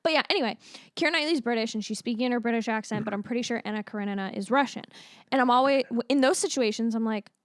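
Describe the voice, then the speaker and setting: Animated higher-voiced woman podcaster. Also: rapid-fire, no room sound, studio quality. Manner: animated, acts out reactions in quoted asides, swears freely. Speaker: podcast co-host. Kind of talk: casual movie review chat.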